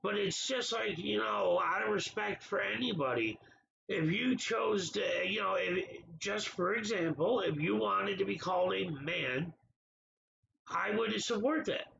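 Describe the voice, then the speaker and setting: A man's voice: high-pitched, unhurried, gravelly, bright, forceful tone, lo-fi sound, slight background noise. A man hosting a casual livestream, talking back to viewers in the chat by name in an exasperated way. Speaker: livestream host.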